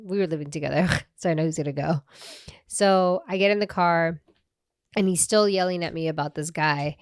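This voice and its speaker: A young woman co-hosting a podcast, telling a story in animated, casual talk and acting out quotes. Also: fairly low pitch, fairly quick, clean tone, no echo. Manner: animated, swears, acts out quotes, laughs often. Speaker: podcast co-host.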